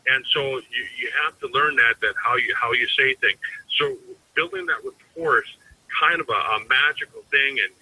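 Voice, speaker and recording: A man's voice: mid-range voice, moderate pace, sharp tone, husky, rough recording. A man giving an informal sales training talk as a network marketing team trainer, rambling and conversational with frequent restarts.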